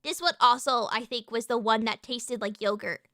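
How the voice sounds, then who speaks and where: A woman streaming as a VTuber in casual chat, loud, swearing often and tripping over her words. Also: on the high side, moderate pace, no echo, studio quality. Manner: loud, swears a lot, stumbling restarts. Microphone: streaming mic.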